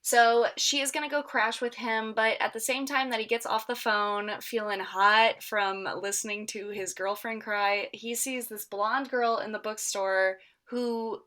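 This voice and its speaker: A woman's voice: on the high side, steady tone, a little slow, few pauses, bright, forceful tone. A young woman co-hosting a podcast, recapping a book in casual chat with dry, crude wisecracks. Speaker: podcast co-host.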